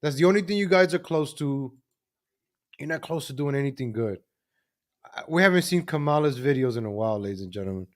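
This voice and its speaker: A man's voice: mid-range voice, lively intonation, brisk. A man hosting a live political commentary show, mocking what he watches in a sarcastic running commentary. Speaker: host.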